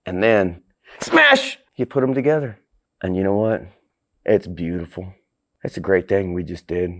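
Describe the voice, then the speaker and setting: A man's voice: low-pitched, very animated, normal speed, fairly bright tone. A man hosting a crude comedic cooking vlog, brash and profane, laughing often. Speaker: host.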